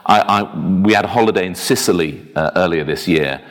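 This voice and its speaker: A man preaching a sermon as a minister, telling anecdotes in a lively, self-deprecating way. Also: sits low, fairly quick. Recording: long reverb of a church hall.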